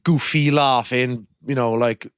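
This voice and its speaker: A man's voice: mid-range voice, measured pace, smooth, no echo, clean studio sound. A young man in his twenties, co-hosting a podcast and telling a story in casual chat, acting out the voices of the people in it. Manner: animated storyteller, acts out quoted voices. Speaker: podcast co-host.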